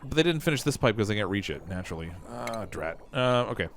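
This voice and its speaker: A man's voice: lowish voice, expressive, quick pace, creaky, a bit bright, slight background noise. A Canadian man streaming a game, thinking aloud and poking fun at his own messy builds. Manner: self-mocking, thinks aloud while building. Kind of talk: casual livestream commentary.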